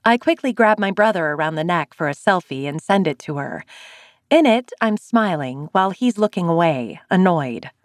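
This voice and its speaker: A woman narrating a romance audiobook in the first person, in an expressive, conversational way. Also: lowish voice, normal speed, dry recording, studio quality.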